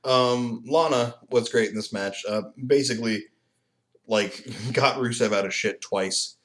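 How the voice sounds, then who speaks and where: A man's voice: mid-range voice, unhurried. A man co-hosting a podcast in casual chat, telling stories and laughing often. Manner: animated storytelling, laughs often. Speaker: podcast co-host.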